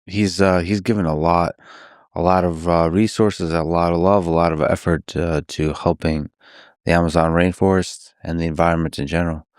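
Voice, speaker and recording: Very deep-voiced calm man hosting. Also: normal speed, clean tone, dry recording, clean studio sound. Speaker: podcast host. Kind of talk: casual interview conversation.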